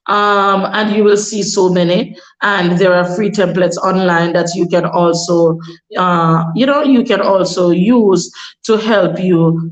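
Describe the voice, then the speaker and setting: A young Jamaican woman with a Jamaican accent, vlogging casual advice in a chatty way and slipping into patois. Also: mid-range voice. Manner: chatty, advising, slips into patois. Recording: echoey room.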